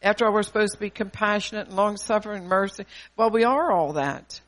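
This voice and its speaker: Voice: medium pitch, brisk, a bit bright. Older preacher, emphatic and bold. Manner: emphatic, scripture-quoting, rhetorical questions. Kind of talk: sermon.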